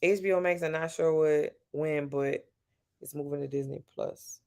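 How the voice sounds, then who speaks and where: Her voice is low, steady and warm at a normal speed, carrying a Louisiana accent. At home at night, this live streamer answers her chat casually, playful and sassy as she speaks right to her viewers.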